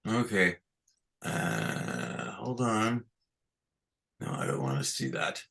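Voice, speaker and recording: Over a video call picked up by a computer mic, a man teaches an online class on chanting scripture. His voice is low, gravelly and sharp, very animated yet slow. He explains patiently step by step and often checks that his students are following.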